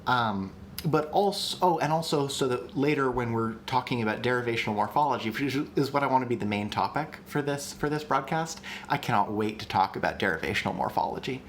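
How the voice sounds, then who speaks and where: A man's voice: medium pitch, fairly quick, slight background noise. A man hosting a casual live-stream lesson, chatty and enthusiastic, with frequent ums and restarts. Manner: chatty and enthusiastic, with many ums and restarts, reads chat aloud. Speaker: streamer teaching language construction.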